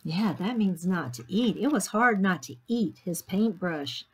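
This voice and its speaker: A woman teacher reading a picture book aloud to children, animated and asking them questions. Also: medium pitch, unhurried, slightly rough. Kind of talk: children's story time read-aloud.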